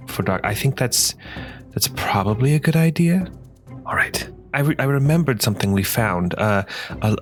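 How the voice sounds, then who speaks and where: A man playing his character in a tabletop game, talking casually with easygoing restarts. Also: lowish voice. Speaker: player.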